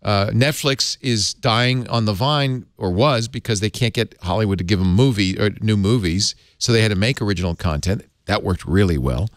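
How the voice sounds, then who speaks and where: An older man hosting a casual panel chat, jokey and animated, often laughing. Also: on the low side, normal speed, few pauses, no echo, clean studio sound. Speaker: host.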